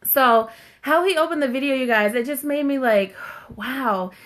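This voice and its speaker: A woman's voice: high-pitched, a little fast, fairly bright tone. A woman hosting a casual live stream from home, talking to viewers in a chatty, heartfelt way and reading their comments aloud. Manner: chatty, heartfelt, fills talk with "like" and "you guys".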